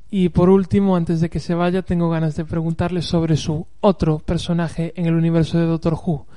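Guy hosting, reads his summary very even and flat, smooth mellow voice. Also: fairly high pitch, fast. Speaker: host. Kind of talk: scripted translation narration.

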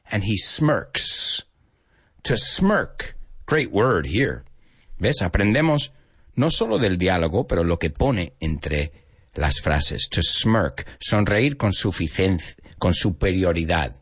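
A man's voice: sits low, unhurried, husky. An American man teaching English to Spanish speakers on a live stream, playful and chatty, switching into Spanish now and then. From United States. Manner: animated, playful, mixes in Spanish.

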